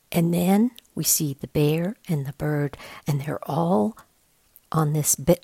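A woman reading a picture book aloud in a gentle, explanatory way, describing each picture. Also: on the low side, vocal fry, husky, no room sound. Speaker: storyteller.

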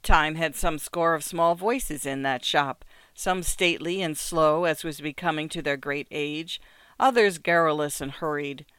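Audiobook narrator, measured, even, smooth clear voice, dry close recording. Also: medium pitch, no echo. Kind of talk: audiobook reading of classic fiction.

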